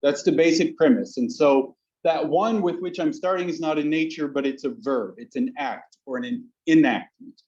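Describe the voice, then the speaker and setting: A man lectures on philosophy in a fairly high voice, building his argument in long, winding sentences and pressing hard on the points he cares about. He often stops to correct himself mid-phrase. The recording is dull and lo-fi. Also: normal speed, a little mellow. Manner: discursive, self-correcting, emphatic. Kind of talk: academic talk to an audience.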